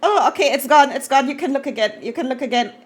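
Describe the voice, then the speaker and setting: A woman streaming live, chatting casually and gushing excitedly, swearing freely and trailing off into fillers. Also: high-pitched, fast talker.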